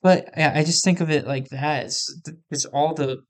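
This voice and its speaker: A man's voice: a little high, fairly even intonation, moderate pace. A man co-hosting a casual podcast, talking easily and acting out his own reactions. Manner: easygoing, acts out quoted reactions with filler words. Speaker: podcast co-host. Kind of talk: casual chat about movies and shows.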